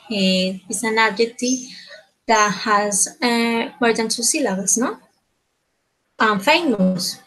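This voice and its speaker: Woman teacher, measured unhurried delivery, keeps checking in with "okay?". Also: fairly high pitch, fairly bright tone, low-quality recording. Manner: slow, repeats words, ends phrases with tag questions. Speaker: English teacher. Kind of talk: slow grammar lesson.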